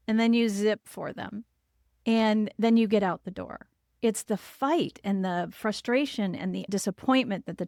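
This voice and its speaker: Woman, therapist host, gentle and reassuring, mid-pitched, dry close mic. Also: dry recording. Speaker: child therapist and podcast host. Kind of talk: explaining parenting advice on a podcast.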